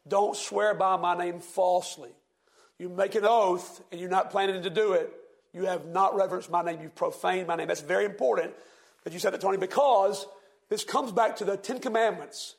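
Male preacher, high gravelly voice, slow emphatic scripture reading, questions to the room. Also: fairly even intonation. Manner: reads scripture slowly with heavy emphasis, asks the congregation questions. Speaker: pastor. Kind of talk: sermon.

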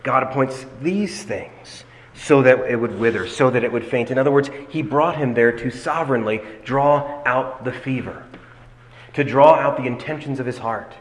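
A man delivers an expository sermon in a deliberate, emphatic way, drawing out key phrases slowly. His voice sits at a middling pitch. The sound carries a long reverb from a large hall. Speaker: preacher.

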